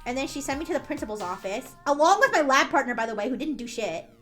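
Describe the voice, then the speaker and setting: A woman's voice: high-pitched, animated, fast talker, a bit bright, soft background music. A woman streamer telling a story in casual chat, rambling, restarting often and swearing freely.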